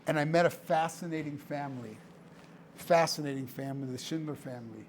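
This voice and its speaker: A man's voice: a little high, fairly quick, slight background noise. A man giving a storytelling speech to an audience as a charity director, emphatic and dramatic, repeating phrases for effect. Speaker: director of a charity, guest speaker. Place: indoor room before a live audience.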